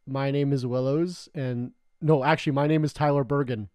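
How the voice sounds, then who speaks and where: A young man from Canada chats casually as a podcast co-host, wandering through his stories with constant "like" fillers, jokes and swearing. His voice sits at a middling pitch for a man. The recording is dry and close, with no room sound. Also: fairly even intonation, moderate pace, a little mellow, clean tone, no room sound. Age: young adult. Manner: rambling storyteller, heavy filler "like", joking and swearing. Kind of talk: casual chat.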